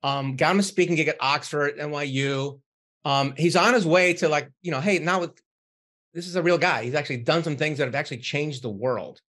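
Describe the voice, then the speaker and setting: A male podcast guest with a slightly higher voice, speaking in a conversational way. He tells quick anecdotes about his clients in a casual interview. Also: a bit bright. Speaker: podcast guest, book publisher.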